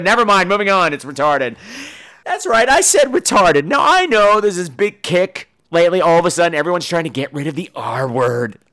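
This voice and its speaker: Profane ranting man, lively pitch. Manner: profane, sarcastic, ranting, breaks into silly put-on voices. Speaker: podcast host. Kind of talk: comedic monologue.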